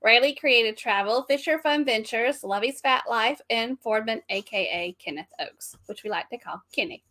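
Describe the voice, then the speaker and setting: A woman's voice: fairly high pitch, normal speed, pushed and bright. A woman co-hosting a live stream, chatting casually and laughing often over a video call.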